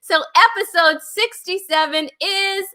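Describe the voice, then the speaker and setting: This woman's voice sits high and bright as she hosts a comedy chat show. She talks casually, giggles a lot, and keeps things light and bubbly. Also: steady tone, measured pace, a little hiss or hum. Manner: giggly and bubbly, laughs often. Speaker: host.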